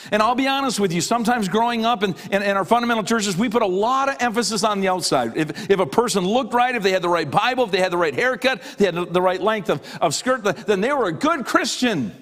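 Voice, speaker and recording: A middle-aged man preaching a sermon, his voice sitting fairly high for a man. He hammers points home by repeating phrases. On the key lines he slows down and drops low. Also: lively intonation, a bit bright. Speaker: pastor.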